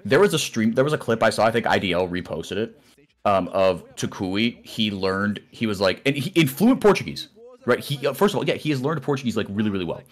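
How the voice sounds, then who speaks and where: A man co-casting an esports stream, talking in rambling, animated casual chat with many restarts. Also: fairly low pitch, brisk. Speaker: esports co-caster.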